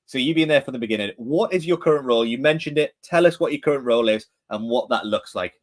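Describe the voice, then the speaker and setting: A man's voice: medium pitch, quick pace. A man with a Geordie accent from northeast England, co-hosting a podcast in casual chat, chatty and full of questions. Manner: chatty, asks many questions, friendly teasing. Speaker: podcast co-host, director of training. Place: home room in England.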